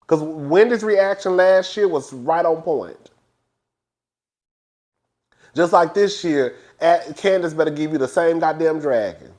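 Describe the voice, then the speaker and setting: A man reviewing a reality TV episode in casual, animated, gossipy commentary. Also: a little slow, pauses often. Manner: animated, gossipy, acts out quotes in high voices.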